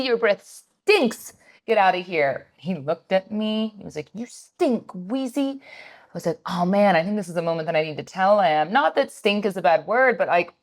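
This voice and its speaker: Thirtyish woman on a podcast, lowish voice, rambly animated storytelling with tons of likes. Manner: animated storytelling, many fillers. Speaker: podcast co-host. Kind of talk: casual chat.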